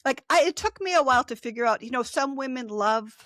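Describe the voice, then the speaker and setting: A woman's voice: sits high, lively intonation, fast talker, a bit bright, no room sound. A middle-aged woman author in a casual interview, speaking reflectively and laughing often. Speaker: author and guest.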